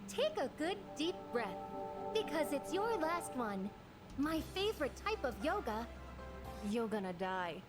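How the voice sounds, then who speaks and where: A woman's voice: sits high, big pitch swings, unhurried. An actress voicing a menacing woman who makes mock-cheerful jokes about someone's death. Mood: mock-cheerful menace. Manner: teasing, mock-cheerful threats. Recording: played clip with music behind.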